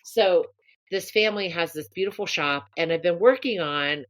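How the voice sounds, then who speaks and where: Female co-host, low voice, animated warm storyteller, casual chat. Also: normal speed. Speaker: podcast co-host.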